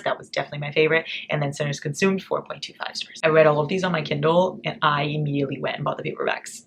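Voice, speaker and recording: A young American woman chatting casually through a book reading wrap-up, blunt and animated, swearing freely. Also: sits low, vocal fry, a little hiss or hum. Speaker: book vlogger.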